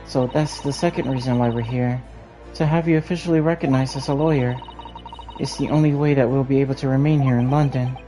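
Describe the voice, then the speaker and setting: Game read-through, man doing courteous young Japanese woman, mid pitch, game music behind. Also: fairly even intonation, brisk, warm tone, close to an everyday voice, poor audio. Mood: polite. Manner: formal, courteous.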